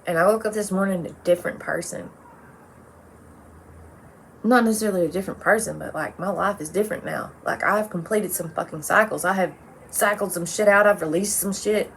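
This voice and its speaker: A woman's voice: medium pitch, a little fast, vocal fry, a bit bright, a little hiss or hum. A woman talking bluntly and profanely in a rambling casual monologue, with lots of "like"s. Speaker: vlogger.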